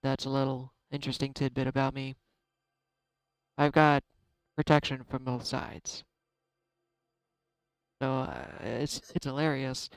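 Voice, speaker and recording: A man giving a casual tarot card reading, chatty and self-deprecating, thinking out loud. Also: mid-range voice, level tone, a little slow, creaky, pauses often, clean tone, no room sound, rough recording. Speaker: tarot reader.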